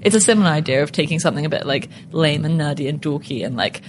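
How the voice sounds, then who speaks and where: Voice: mid-range voice, expressive, background noise. A guest with a British accent, co-creator of a stage musical, chatting casually in an interview with lots of fillers and playful asides. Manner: fast, chatty, full of fillers and acted quotes.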